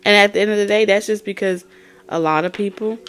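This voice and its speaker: Woman, tarot reader, profane, blunt, scolding, medium pitch. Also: fairly even intonation, fast, fairly bright tone, clean tone. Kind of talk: profane tarot reading rant.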